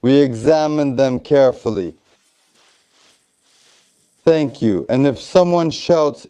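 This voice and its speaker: A man's voice: medium pitch, takes it slowly, long pauses, mellow, smooth, no room sound. A man instructing trainees in tactical first aid, coaching them step by step and repeating short encouragements. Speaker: military tactical medicine instructor.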